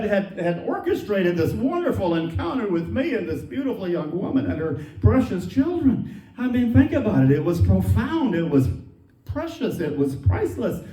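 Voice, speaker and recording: A high, lively male voice spins a folksy comic tale on a theater stage and chuckles at his own lines. The sound is roomy and a little distant, as if picked up from out in the hall. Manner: folksy, self-mocking, laughs at his own jokes. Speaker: stand-up comedian. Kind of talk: storytelling stand-up comedy.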